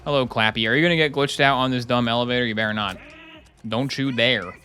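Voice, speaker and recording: Joking, bright-voiced male streamer. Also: mid-range voice, quick pace, faint music behind. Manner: rambling, jokey, sarcastic asides. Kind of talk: casual commentary while gaming.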